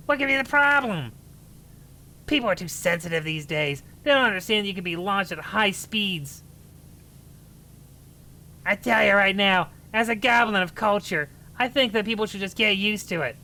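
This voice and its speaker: A woman voicing a rowdy, excitable goblin who loves cleaning, raspy and sing-song on a gameplay stream. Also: mid-range voice, normal speed. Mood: scheming. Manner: gleeful, sing-song, nonsense syllables. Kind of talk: livestream gameplay voice acting.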